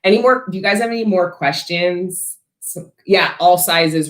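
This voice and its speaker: A woman hosting a casual livestream, chatting bluntly with viewers and answering their questions, swearing freely and talking with animated emphasis. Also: on the low side, normal speed, echoey room. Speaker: host selling frankincense to viewers.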